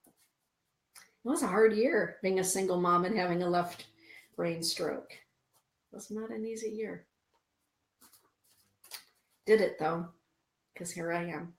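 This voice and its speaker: A woman's voice: lowish voice, slow, pauses often, reverberant. A woman hosting a spiritual radio show, chatting with listeners and reading oracle cards aloud to them. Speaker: radio show host and card reader.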